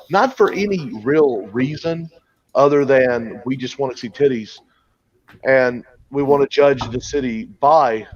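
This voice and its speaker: A man telling a rambling, crude story in a casual chat. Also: medium pitch. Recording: dull lo-fi sound.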